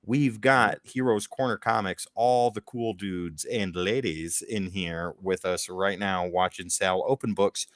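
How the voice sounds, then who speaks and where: A man's voice: low-pitched, unhurried, few pauses, no echo, studio quality. A man co-hosting a casual comic book show, joking with his partner and reading sponsor plugs. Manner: teasing, jokey, reads sponsor plugs. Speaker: co-host. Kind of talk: casual chat.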